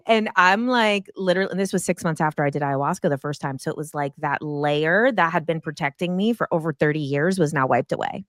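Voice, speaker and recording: A woman in her thirties telling a personal story in casual chat, animated and acting out her own past reactions. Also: fast talker, few pauses, no echo, studio quality. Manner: animated, acts out her own past lines in high excited bursts.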